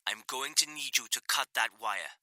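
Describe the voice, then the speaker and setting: A male narrator voicing a Welsh naval engineer who calmly coaches someone through disarming a device over a radio line. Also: medium pitch, no room sound, pitched above the performer's own voice, poor audio. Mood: coaching. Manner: steady, coaching, rushed under pressure. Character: Welsh male bomb-disposal engineer, calm guide.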